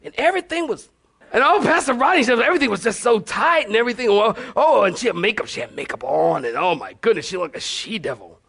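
A man voicing a churchgoer gossiping in a hushed, breathless, shocked way. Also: sits high, very animated, quick pace, vocal fry, slightly rough, voice pushed up, heavily acted.

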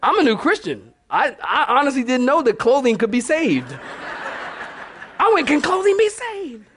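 A male pastor preaching a sermon, animated and storytelling with laughing asides. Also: extremely high pitch, normal speed, a little hiss or hum.

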